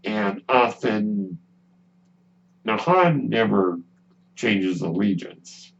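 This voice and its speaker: A man hosting his own podcast in a relaxed, musing monologue, speaking with a ventilator that is heard in the background. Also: fairly low pitch, vocal fry. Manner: relaxed, musing, with pauses and restarts. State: breathing with a ventilator. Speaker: podcast host. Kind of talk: casual solo podcast monologue. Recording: dull lo-fi sound with faint hum.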